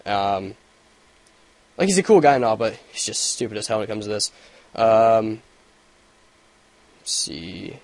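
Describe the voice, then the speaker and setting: Young male gaming vlogger, casual and profane, rambling story with pitch jumping up into rants. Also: lively intonation, measured pace, pauses often, darkish tone. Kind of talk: casual ranting vlog update.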